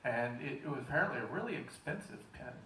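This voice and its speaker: A man's voice: medium pitch, expressive, fast. A man in the audience asking a question at a convention panel, hesitant and stumbling over his words with lots of fillers. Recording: echoey hall from far off with faint noise.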